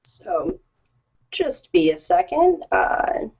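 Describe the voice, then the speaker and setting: A woman's voice: extremely high pitch, lively intonation, very slow, gravelly, a little mellow, slight background noise. A woman hosting a casual chat show over a video call, friendly and eager. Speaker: podcast host. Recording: dull lo-fi video call audio.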